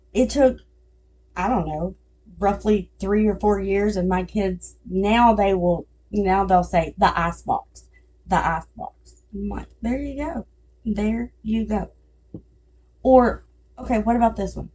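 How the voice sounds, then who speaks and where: A woman's voice: medium pitch, a little mellow. A middle-aged woman hosting a podcast, telling family stories in casual chat and laughing at her own jokes. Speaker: podcast host.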